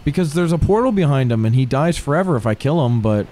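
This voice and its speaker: A man's voice: fairly high pitch, expressive, fast, mellow, a little hiss or hum. A young man playing a video game, chatting casually and often swearing in frustration. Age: young adult. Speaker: gamer playing a game on a let's-play. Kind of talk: casual gaming chat.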